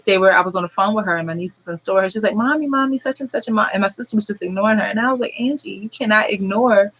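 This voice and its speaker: A woman's voice: mid-range voice, fairly bright tone, poor audio. A woman in her forties telling a story straight to her viewers, rambling and earnest, full of fillers. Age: 40s. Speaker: vlogger.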